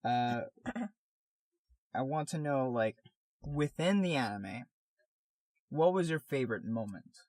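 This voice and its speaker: A man's voice: medium pitch, expressive, takes it slowly, long pauses, darkish tone, no room sound. Rambling male podcast host. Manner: rambling, many fillers and restarts. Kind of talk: casual chat.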